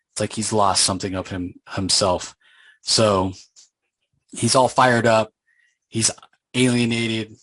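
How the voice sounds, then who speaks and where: A man's voice: on the low side, fairly bright tone, no echo, low-quality recording. A man casually recapping a comic book story in a loose, conversational way, with plenty of fillers.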